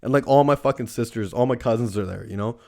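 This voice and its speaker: A man's voice: medium pitch, fast, vocal fry, darkish tone. A young man hosting a casual storytelling show, rambling and swearing constantly, tagging lines with "right?". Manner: profane, rambling, lots of "right?" tags. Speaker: podcast host.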